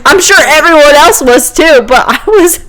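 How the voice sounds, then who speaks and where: A woman's voice: high voice, lively intonation, normal speed, fairly bright tone. A woman co-hosting a podcast, telling a work story in casual chat, laughing often and acting out what people said. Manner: acts out quoted voices. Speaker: podcast co-host.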